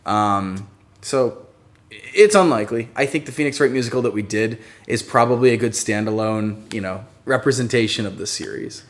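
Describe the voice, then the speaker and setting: A man's voice: on the low side, moderate pace. Man chatting casually on a live stream. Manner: relaxed, rambling with many fillers. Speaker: channel co-host.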